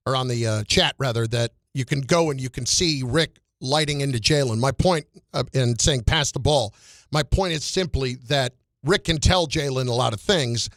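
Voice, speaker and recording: A man's voice: mid-range voice, normal speed, fairly bright tone, no echo. A man hosting a sports talk radio show from a studio, carefully clarifying his points.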